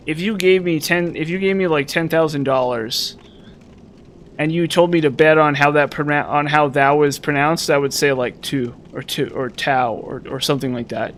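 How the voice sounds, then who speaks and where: A man's voice: a little high, a bit bright. A young man casually commenting while he plays a game, rambling and musing with many restarts and fillers. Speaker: gaming channel host.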